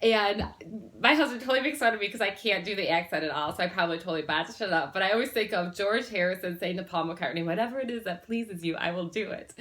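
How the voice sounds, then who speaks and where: A woman vlogger chatting straight to camera with a bright, forward tone. She rambles a little, fills gaps with ums and restarts her sentences. She sounds earnest as she shares her personal stories. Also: medium pitch. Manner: earnest and warm-hearted, sharing personal stories. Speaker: self-help vlogger. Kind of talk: casual talk to camera.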